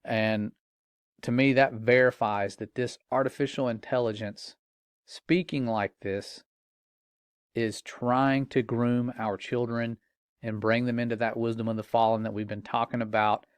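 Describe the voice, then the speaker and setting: Middle-aged male commentator, earnest and grave, mid pitch, dry recording. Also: flat delivery, unhurried, smooth, no echo. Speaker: Christian commentator. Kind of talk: warning commentary.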